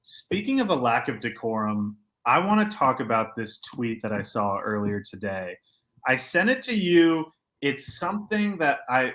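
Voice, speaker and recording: Bright-voiced opinionated podcast man. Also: medium pitch. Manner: animated storyteller acting out quotes; joking, opinionated. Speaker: podcast co-host. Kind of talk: casual podcast chat.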